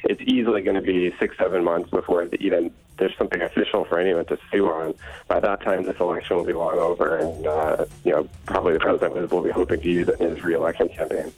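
Deep fast-talking male journalist. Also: flat delivery, a little mellow, breathy edge, faint music behind, poor audio. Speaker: political journalist guest. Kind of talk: interview answers.

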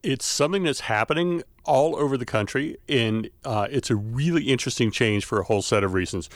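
A man's voice: medium pitch, brisk, dry recording. Explanatory man with a dry sound. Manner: explanatory, with frequent "uh" fillers. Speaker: linguistics expert guest. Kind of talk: radio interview.

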